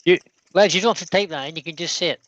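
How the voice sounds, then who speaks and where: A man's voice: on the high side, racing, fairly bright tone, no echo, dull audio. A man hosting a casual livestream, reading out long lists of viewer names and laughing easily. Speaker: livestream host.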